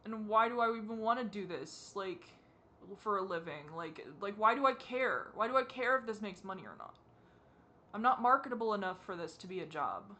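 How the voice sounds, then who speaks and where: A young adult vlogger crying while talking to the camera, asking halting, self-critical questions in a rambling way. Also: medium pitch, animated, bright, forceful tone. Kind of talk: confessional talk to camera.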